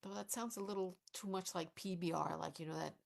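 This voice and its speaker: A woman playing a dry, gravelly older activist. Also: fairly low pitch, fairly even intonation, fairly quick. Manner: dry, hesitant, mildly skeptical. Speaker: improv performer. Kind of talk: live improv scene.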